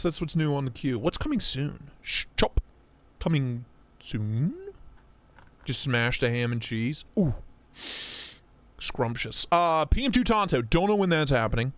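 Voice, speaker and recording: A man's voice: a little high, very animated, moderate pace, fairly bright tone, no echo. A young man hosting a livestream in casual, profane, joking chat, reading viewer comments aloud. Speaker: livestream host. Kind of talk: casual live-stream chat.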